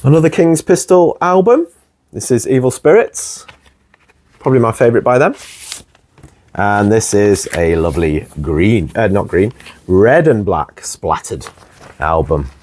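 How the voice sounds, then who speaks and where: Guy, slightly low voice, chill rambly chat about his vinyl, lots of ums. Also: a little slow, a little hiss or hum. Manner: relaxed and rambling, many ums, warm enthusiasm. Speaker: host. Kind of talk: casual chat showing his record collection.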